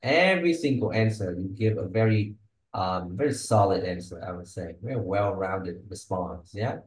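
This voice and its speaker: A man's voice: deep voice, expressive, normal speed, echoey room, rough recording. Male teacher who keeps checking in. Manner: patient, explanatory, tags sentences with "okay?" and "huh?". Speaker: English teacher giving exam feedback. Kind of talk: spoken lesson with frequent check-ins.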